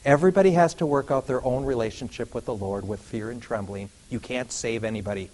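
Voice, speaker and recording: A middle-aged man preaching to a congregation, emphatic, swinging from loud declarations to quiet asides and asking the room rhetorical questions. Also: mid-range voice, quick pace, poor audio. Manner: asks the audience rhetorical questions. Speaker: lay preacher addressing a congregation. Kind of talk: sermon.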